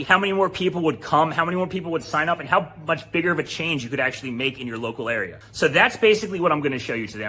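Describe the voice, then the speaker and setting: A man from New Jersey walks through a screen-share demo at a rapid clip. His voice sits a bit high and cuts through sharp and forceful. He pitches hard and drops a curse word without slowing down. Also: a little hiss or hum. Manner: blunt, salesy, swears casually. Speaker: fitness business presenter.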